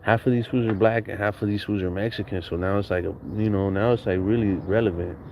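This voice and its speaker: Speaking fast in a steady tone, a man with a voice on the low side shares childhood stories as a podcast guest, with background noise present. He's from Southern California, and his casual storytelling is slangy, profane, and full of laughter.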